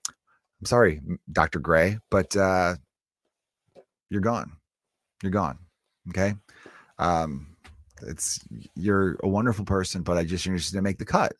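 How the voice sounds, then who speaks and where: A male comedian talking solo on his podcast, loose and rambling with jokey asides. His voice sits a bit low, and the sound is dry and close with no room around it. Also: a little slow, pauses often, dry recording. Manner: rambling, joking, animated asides.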